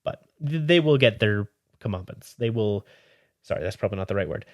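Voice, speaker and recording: A man's voice: fairly low pitch, animated, a little fast, dry recording, studio quality. A man hosting a hobby podcast, chatting casually and reassuringly, rambling with frequent restarts. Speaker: podcast host. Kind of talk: casual chat.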